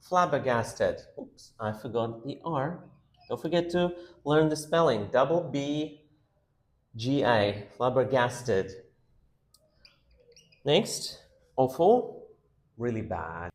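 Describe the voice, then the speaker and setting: A man's voice: mid-range voice, animated, slow pace, pauses often, roomy sound. A man teaching vocabulary, sounding out words syllable by syllable and stressing them. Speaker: English teacher. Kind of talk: vocabulary lesson.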